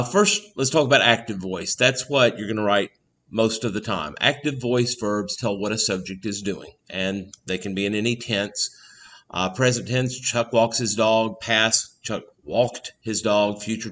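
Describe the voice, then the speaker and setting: A man with a fairly low voice walks students through a short recorded grammar lesson. He explains step by step, dropping uh and um fillers and now and then clearing his throat. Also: a bit bright. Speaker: teacher.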